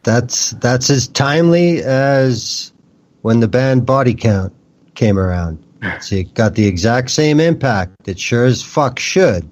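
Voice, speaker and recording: A man's voice: mid-range voice, expressive. A man who works as an electrician, joining a casual political discussion and speaking bluntly, with everyday metaphors and swearing. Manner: slow, blunt, profane, explains with everyday metaphors. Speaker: electrician and panelist. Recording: dull lo-fi stream audio.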